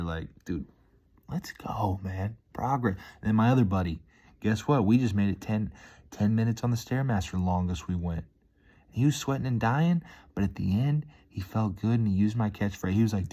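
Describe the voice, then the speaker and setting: Man, very low voice, laid-back rambling vlog talk, says dude a lot, excitable. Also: normal speed. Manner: easily hyped, upbeat storytelling. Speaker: vlogger. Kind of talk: casual rambling monologue.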